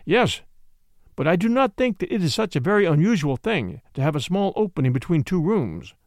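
A man's voice: high voice, big pitch swings, a little fast, a little mellow, no room sound, clean studio sound. A man voicing a loyal, earnest male doctor who questions and puzzles things over.

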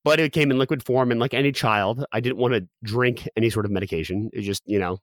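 A man in his thirties, a podcast guest, telling a personal story quickly with many restarts and fillers. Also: medium pitch, no room sound. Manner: rapid, with frequent restarts and fillers.

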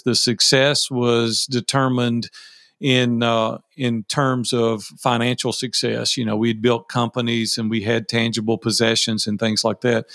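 A middle-aged man with a Southern drawl, a business owner being interviewed, folksy and quick to laugh as he tells stories. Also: mid-range voice, vocal fry, a bit bright, dry recording, clean studio sound. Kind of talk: conversational interview.

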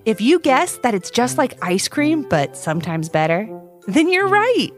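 A young woman tells a children's story with bubbly, sing-song delivery. Her pitch sits fairly high and swoops widely on every exclamation. Soft music hums quietly underneath. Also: very animated, unhurried. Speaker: storyteller host.

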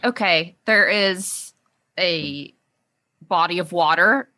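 A woman's voice: on the low side, slow, pushed and bright. A woman co-hosting a casual podcast who laughs often and chats along. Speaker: podcast co-host.

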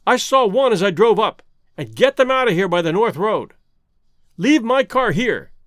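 A man voicing a commanding black-haired giant of a man, forceful and barking orders. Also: high voice, very animated, normal speed, dry recording, clean studio sound. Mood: urgent commanding.

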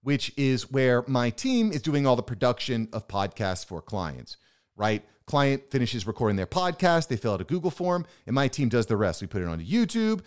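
Fired-up man with a lively voice. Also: medium pitch, moderate pace, clean tone. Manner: pumped-up motivational, emphatic. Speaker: podcast host. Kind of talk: solo business podcast monologue.

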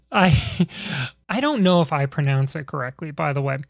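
A man's voice: fairly high pitch, lively intonation, unhurried, vocal fry, dry recording. Chatty male interview host, dry sound. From Chicago area. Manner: chatty, rambling questions with asides. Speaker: podcast host. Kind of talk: casual interview.

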